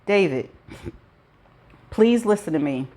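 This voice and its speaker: A woman voicing a grieving woman who speaks softly and tenderly, reading from a storybook. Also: medium pitch, lively intonation, takes it slowly. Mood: sorrowful. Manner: soft, pleading.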